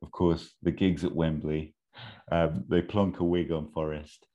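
A man's voice: a bass voice, level tone, a little slow, mellow, lo-fi sound. A man casually retelling a made-up film plot, rambling with lots of ums and amused asides. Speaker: storyteller pitching a film plot. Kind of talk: casual chat.

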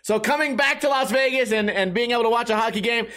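High-voiced man ranting on a podcast. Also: fast talker. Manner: profane, animated, breaks into loud shouted impressions. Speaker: podcast host. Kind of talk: casual rambling chat. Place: at home.

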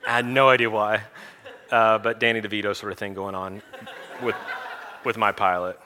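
A man preaching, retelling a story in an animated, conversational and humorous way. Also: lowish voice, moderate pace, background noise. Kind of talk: storytelling sermon.

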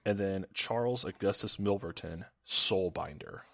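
A man's voice: sits low, measured pace, fairly bright tone, no room sound. A man as a podcast guest, chatting casually and rambling. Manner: rambling, many fillers and restarts. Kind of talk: casual chat.

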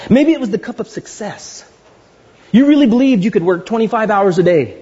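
A male pastor preaching with a high, swooping voice that climbs and drops dramatically. His tone is husky, and he repeats words for emphasis between playful asides. The recording is dull and lo-fi. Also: lively intonation, a little fast, dark tone. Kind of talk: sermon.

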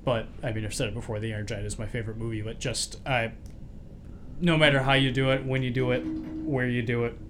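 A man with an ordinary mid-range voice talks openly about movies that move him, circling back on his words. There is a faint steady ambience behind him. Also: medium pitch, brisk, a little hiss or hum. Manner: earnest, rambling with fillers and restarts. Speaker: podcast co-host. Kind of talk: casual movie chat.

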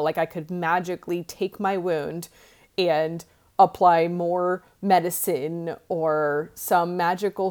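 A woman's voice: on the low side, darkish tone. A woman coach speaking to her listeners in a conversational, encouraging way, with many fillers. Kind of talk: podcast monologue.

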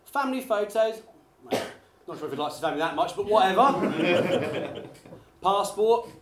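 A man doing a live stand-up routine, chatty and quick with apologetic asides to the crowd. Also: high voice, lively intonation. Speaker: stand-up comedian. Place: small theatre studio with a live audience. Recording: echoey live room, faint ambience.

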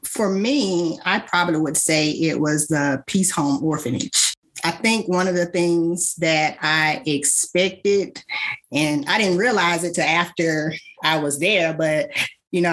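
A woman in an interview who speaks sincerely and unhurriedly, pausing on fillers as she gathers her thoughts. Her voice sits low. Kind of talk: personal conversational storytelling.

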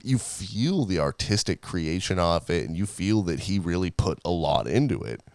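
Low voiced podcast guy, rambly n laughy, swears a lot, dry mic. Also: very animated, normal speed, a little mellow, no room sound. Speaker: podcast co-host. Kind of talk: casual chat.

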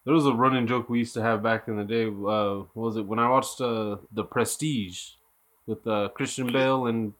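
A man talking at an everyday pitch in a loose, rambling way. He strings his points together with fillers and swearing, and breaks into laughter often. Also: steady tone, moderate pace, a bit bright. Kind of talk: casual chat.

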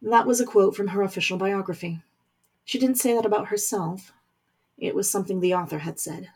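A woman reading a story aloud as narrator, in measured scripted narration. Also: mid-range voice, vocal fry, darkish tone, husky.

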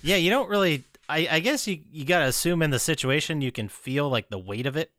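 A man's voice: fairly high pitch, animated, fairly quick, fairly bright tone, no room sound, studio quality. A man in casual chat making wry, joking remarks.

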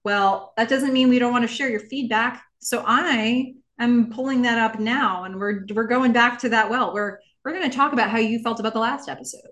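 A woman's voice: on the high side, normal speed, hardly any pauses, a bit bright. A woman co-hosting a podcast in casual chat, reading listener emails aloud and laughing often. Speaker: podcast co-host.

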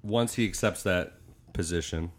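A man's voice: sits low, normal speed. A man hosting a casual podcast chat, rambling and joking with his co-hosts. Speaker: podcast host.

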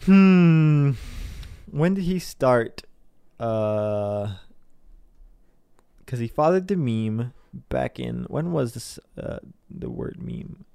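Young male commentator, lively pitch, gravelly edge, dry close sound, sarcastic and rambling. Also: extremely slow, long pauses, dry recording. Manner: sarcastic, rambling, mocks people in put-on voices. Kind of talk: casual news commentary monologue.

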